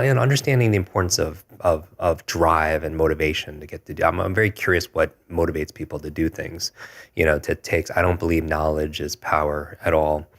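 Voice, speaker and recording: A man in his forties with an extremely low voice tells a personal story as a podcast guest. He speaks earnestly and reflectively, often restarting, in a level, unvaried tone. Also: fairly bright tone. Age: 40s.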